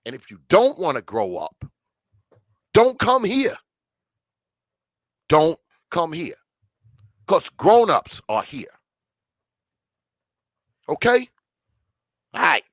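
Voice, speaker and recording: A man's voice: fairly high pitch, huge pitch swings, takes it slowly, pauses often, no room sound. An older man, hosting a debate livestream in a profane, combative, emphatic rant. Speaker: debate show host.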